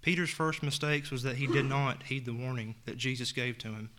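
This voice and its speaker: A man's voice: mid-range voice, fairly quick, background noise. A man preaching a sermon in an earnest tone, reading scripture aloud and retelling it in plain words.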